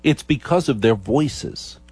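A man from New Jersey with a New Jersey accent, hosting a comic radio talk show, playful and often dropping into a slow, low, seductive register. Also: expressive, a little mellow, husky, no echo. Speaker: radio host.

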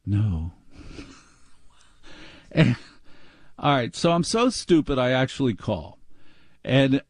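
A man's voice: big pitch swings, slow pace, no room sound, studio quality. Exasperated middle-aged man ranting. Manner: exasperated, mocking, mimics bank staff in high voices. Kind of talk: ranting monologue.

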